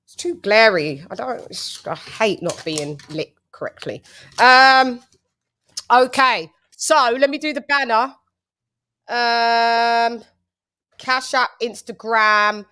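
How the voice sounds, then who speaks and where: A woman's voice: mid-range voice, pushed and bright. A woman hosting a casual livestream chat, playful, with sing-song hype introductions. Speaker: host.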